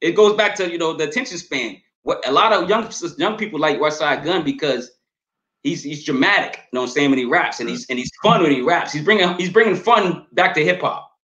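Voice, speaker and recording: A man co-hosting a podcast, chatting casually and quickly, often repeating words and asking "you know what I'm saying". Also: on the high side, expressive, a bit bright, highs cut off. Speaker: podcast co-host reviewing albums. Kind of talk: casual chat. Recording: echoey room.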